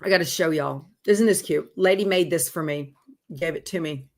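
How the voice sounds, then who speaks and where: A woman's voice: low voice, moderate pace. A woman hosting a live sewing stream, chatting casually and reading viewer comments aloud. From Texas. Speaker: host of a live sewing show.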